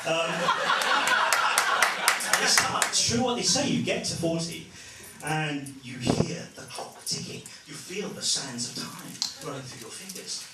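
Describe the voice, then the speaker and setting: A British stand-up comedian in his forties, animated and self-deprecating, his pitch leaping high as he riffs. The voice carries through an echoey comedy club, heard from some distance, with a heavy wash of noise behind. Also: unhurried. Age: 40s. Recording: roomy, distant, noisy club.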